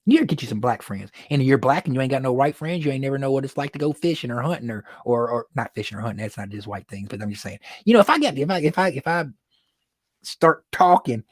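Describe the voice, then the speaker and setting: A man hosts his own weekly livestream from his studio, talking casually and joking and laughing a lot. His voice sits at a medium pitch with no echo, picked up by a phone or computer livestream mic.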